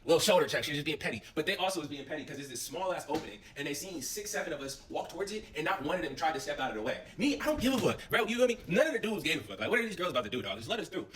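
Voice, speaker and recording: A young man casually telling a story, animated and full of slang and swearing. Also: a little high, far from the mic, a little hiss or hum.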